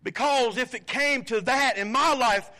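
High, bright-voiced man preaching. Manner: preaching with dramatic pauses and rising emphasis. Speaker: pastor. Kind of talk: sermon.

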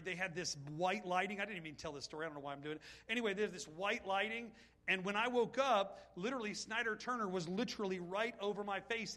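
Male pastor, lively sermon delivery, high ringing voice. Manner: animated preaching, reads scripture aloud, asides to the congregation.

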